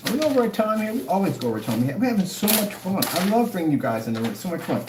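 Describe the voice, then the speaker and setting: A man's voice: high-pitched, sing-song, quick pace. A man ranting to the camera, mocking and taunting his critics with dramatic swings in tone. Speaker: online product seller. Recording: echoey room, faint noise.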